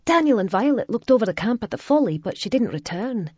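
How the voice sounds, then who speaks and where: A woman's voice: on the high side, big pitch swings, fast, darkish tone, husky, dry recording, muffled recording, voice pushed up. A woman voicing an eager, determined young girl in a romance audiobook.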